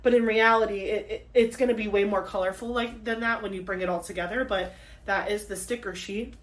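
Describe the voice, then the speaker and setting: A young woman chatting casually while unboxing craft kits, gushing and excitable, with lots of fillers and gasps. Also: mid-range voice, brisk. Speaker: crafting vlogger. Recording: echoey room, mic at a distance.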